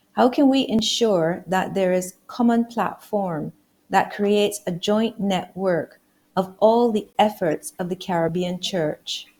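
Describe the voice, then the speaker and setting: Woman, fairly low pitch, polite measured moderator, video-call webinar. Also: a little mellow. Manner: polite, measured, with some fillers.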